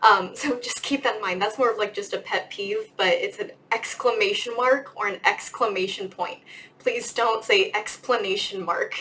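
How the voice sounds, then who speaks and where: A woman's voice: medium pitch, moderate pace, pushed and bright, a little hiss or hum, low-quality recording. Chatty young woman teaching grammar. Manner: chatty, lots of "like" and "um". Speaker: English teacher. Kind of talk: casual video lesson.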